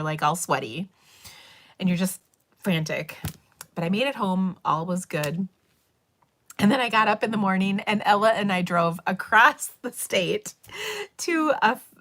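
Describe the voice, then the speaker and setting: A woman's voice: lowish voice, a bit bright. Chatty, rambling middle-aged woman. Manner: chatty, rambling storytelling with laughs and fillers. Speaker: livestream host. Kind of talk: casual chat.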